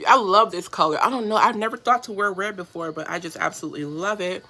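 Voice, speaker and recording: A bright-toned woman hosting a live makeup stream from home. She is chatty and easily touched as she answers viewers' comments. Her voice comes through a phone's front camera, close and personal. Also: mid-range voice, fast. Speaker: beauty livestream host. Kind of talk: casual livestream chat while doing makeup.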